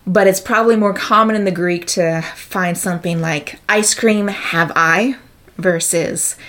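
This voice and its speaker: Slow, low-voiced woman explaining. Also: fairly bright tone. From United States. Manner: methodical, explains with examples and figures. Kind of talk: explanatory talk.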